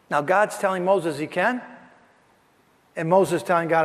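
A male pastor with a fairly high voice preaches a sermon, retelling scripture in a conversational, emphatic way. His voice rings with a long reverb in a church sanctuary. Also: a little slow, long pauses.

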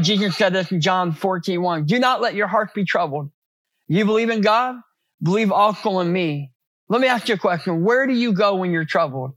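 A man's voice: high-pitched, fairly bright tone, no room sound. A man preaching a sermon as pastor, in a conversational way with many rhetorical questions and repeated words.

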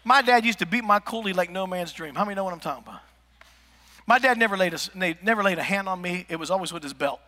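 A man preaching a comedic sermon, telling stories with lively asides to the congregation. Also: high voice, fast talker. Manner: animated storytelling with asides to the congregation. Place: large church hall. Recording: echoey church hall.

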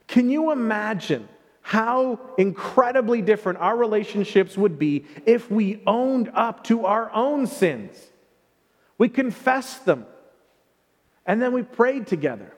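Male pastor, high voice, conversational emphatic sermon, long church-hall reverb. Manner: conversational, emphatic preaching with playful asides.

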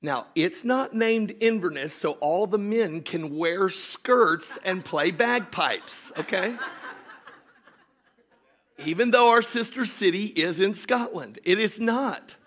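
A man preaching a sermon, animated, swinging from shouted storytelling to hushed joking asides with his congregation. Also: high-pitched, slow pace. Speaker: pastor.

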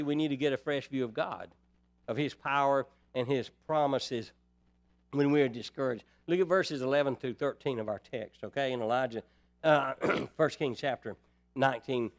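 A man preaching a sermon in a folksy way, putting rhetorical questions to the congregation. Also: medium pitch.

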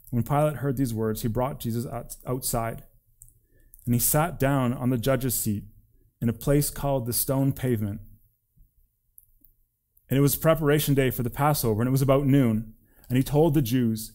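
A man, a preacher, reading scripture aloud in an expressive, deliberate way. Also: mid-range voice.

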